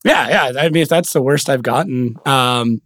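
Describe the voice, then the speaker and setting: Here is a man with a mid-range voice, recorded close and dry. He hosts the chat in a relaxed, joking way and chuckles often. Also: medium pitch, normal speed, no echo. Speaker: podcast host. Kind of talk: casual interview chat.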